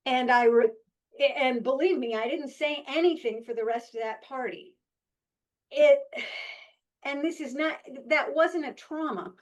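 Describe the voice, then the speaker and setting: A woman's voice: high-pitched, measured pace. A woman in her sixties, a guest telling candid, reflective stories about her life with frequent restarts. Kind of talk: reflective personal storytelling.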